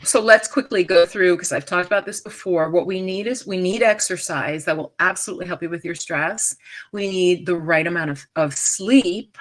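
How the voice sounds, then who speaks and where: A woman's voice: lowish voice, normal speed. A middle-aged woman from the United States giving a chatty, emphatic live-streamed talk on stress as a wellness coach. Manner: chatty and emphatic, frequent asides and restarts. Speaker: stress coach and yoga teacher.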